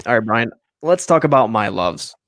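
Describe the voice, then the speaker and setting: A man's voice: fairly low pitch, lively intonation, normal speed, fairly bright tone, no room sound, studio quality. Playful emphatic male sports podcaster. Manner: playful, emphatic, addressing players directly. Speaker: podcast co-host. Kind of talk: casual sports talk.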